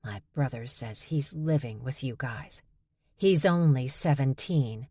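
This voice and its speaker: A woman's voice: rumbling low, a little slow, warm tone, no room sound, studio quality. A woman narrator voicing an angry, protective older sister who is a jackal shifter, speaking sternly. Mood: indignant.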